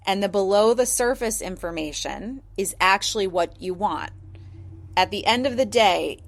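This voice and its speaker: A woman with a voice a little on the low side talks through her ideas as a podcast guest. She is measured and thoughtful, with a gentle coaching tone. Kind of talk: conversational explanation.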